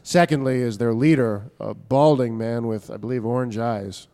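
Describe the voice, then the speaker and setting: Tabletop player, male, formal in-character reporting voice, mid pitch. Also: moderate pace, warm tone.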